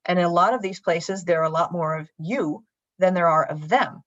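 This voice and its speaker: A woman preacher retells a story in a lively, conversational way. Her voice is low and dry, and the church livestream sounds dull and lo-fi. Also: moderate pace, no room sound. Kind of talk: sermon storytelling.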